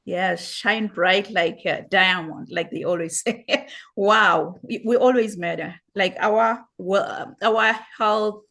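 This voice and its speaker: An enthusiastic woman hosts a talk show. She heaps praise on her guests, repeats her exclamations, and reads their bios aloud with warmth and excitement. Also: mid-range voice, slow pace. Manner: effusive, repeats "wow". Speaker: host. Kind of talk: enthusiastic interview show hosting.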